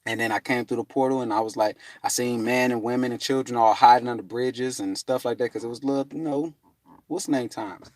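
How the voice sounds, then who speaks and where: A man telling a rambling spiritual story in a profane, meandering way, full of fillers and sudden high, loud voices for the people he quotes. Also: fairly quick.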